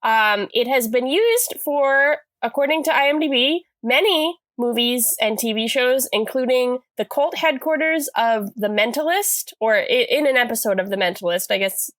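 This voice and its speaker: A woman co-hosts a podcast and recaps a TV episode in a loose, rambling chat, with frequent fillers and restarts. Her voice sits fairly high. The recording is dry and close, with little room sound. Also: expressive, moderate pace, hardly any pauses, a bit bright, no echo. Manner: chatty, rambling, lots of fillers and self-corrections. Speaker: podcast co-host.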